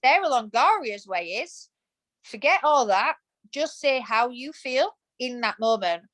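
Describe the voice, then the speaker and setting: A woman's voice: high voice, lively intonation, unhurried, a bit bright, low-quality recording. A woman in her thirties, a podcast guest, talking in a passionate, emphatic way in a casual interview. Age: 30s. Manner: emphatic and passionate, acts out quoted thoughts.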